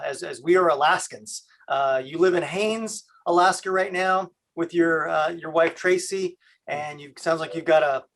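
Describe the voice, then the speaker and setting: A man from Canada hosting a video call, talking in a halting way with many fillers. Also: a little high, a bit bright. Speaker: host.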